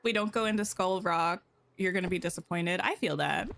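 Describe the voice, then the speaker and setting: A woman's voice: fairly low pitch, a little fast, gravelly, a bit bright. Chatty woman streamer thinking aloud. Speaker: game streamer. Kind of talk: casual livestream chat while playing.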